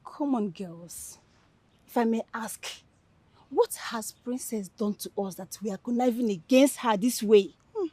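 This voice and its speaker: A woman's voice: fairly high pitch, a little slow, breathy edge, no echo. An actress playing an upright young village woman who reproaches her scheming friends. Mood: pleading. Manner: reproachful, steady, pleading.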